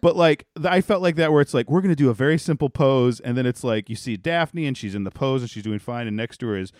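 A man co-hosting a casual podcast, mid-pitched and easygoing. He rambles, laughs, and acts out little quotes. The sound is dry and close, with no room at all. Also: fast, darkish tone, dry recording. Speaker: podcast co-host. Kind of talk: casual chat.

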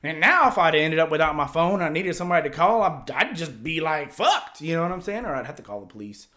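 A man telling a story on a casual podcast, animated and profane, often stammering and repeating words. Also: fairly high pitch, fast talker.

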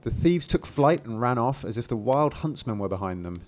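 A man's voice: medium pitch, expressive, moderate pace, darkish tone. Playful man retelling a tale. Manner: playful retelling with asides and chuckles. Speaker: podcast host. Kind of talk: casual storytelling.

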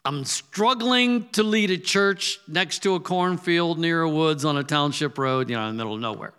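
A man's voice: fairly high pitch, normal speed, a bit bright, clean tone. A male pastor preaching conversationally, telling stories and acting out quoted asides. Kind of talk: sermon.

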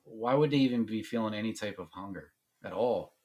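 A man co-hosting a podcast, chatting in a relaxed, agreeable and joking way. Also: fairly low pitch, fairly quick. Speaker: podcast co-host. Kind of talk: casual chat.

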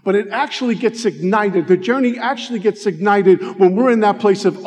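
High-voiced man in an echoing hall. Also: a little mellow. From United States. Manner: heartfelt, slows down for emphasis. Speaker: recovery speaker. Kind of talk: personal testimony talk. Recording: long reverb of a hall.

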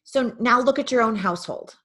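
A woman's voice: fairly high pitch, fairly quick, bright, forceful tone, breathy edge. Woman guiding a healing session. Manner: directive, coaching, guiding visualization. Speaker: host and spiritual healer.

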